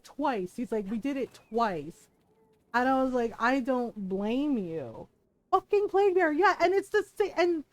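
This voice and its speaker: Middle-aged lady streamer, high voice, swears a lot, lively gossipy storytelling, dry sound. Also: dry recording, poor audio. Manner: animated, profane, laughing retelling. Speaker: live streamer. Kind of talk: casual storytelling chat.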